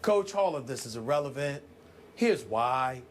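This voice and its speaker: A man's voice: mid-range voice, lively intonation, measured pace, a little hiss or hum. A man co-hosting a sports debate show who talks in an emphatic, dramatic way and repeats lines for effect.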